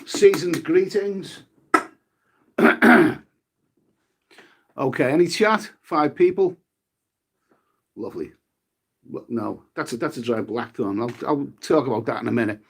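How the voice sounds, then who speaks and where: A man's voice: medium pitch, animated, unhurried, gravelly, pauses often, slightly rough. A middle-aged man hosting a live stream, chatting casually with the viewers in a rambling way, with casual swearing and repeated words. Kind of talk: casual chat reading the live chat.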